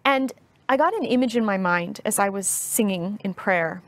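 Woman in her 30s on an interview, earnest heartfelt storytelling, slow and careful. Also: mid-range voice, animated. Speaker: guest speaker.

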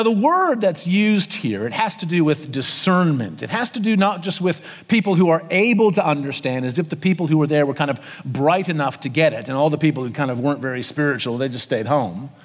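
Australian senior pastor, man, chatty sermon delivery, high lively voice, reverberant church. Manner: conversational preaching, acts out voices of people. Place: church auditorium.

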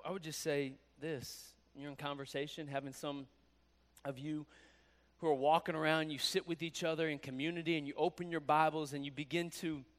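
A man preaching a sermon in a conversational, animated way, acting out quoted voices as he goes. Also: sits high. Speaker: pastor.

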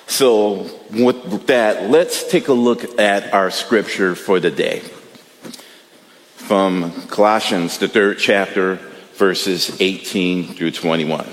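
A man with a Midwestern US accent preaching a sermon as pastor, in a relaxed, conversational way with frequent fillers and repeated words. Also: lowish voice, slow pace, big-room sound.

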